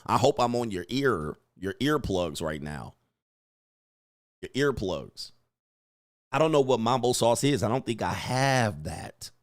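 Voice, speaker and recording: A man's voice: on the low side, sing-song, unhurried, long pauses, no echo, clean studio sound. A man hosting a casual livestream, reading viewer comments and riffing with profane, joking commentary. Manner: profane, joking, reads chat aloud. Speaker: livestream host and dating coach.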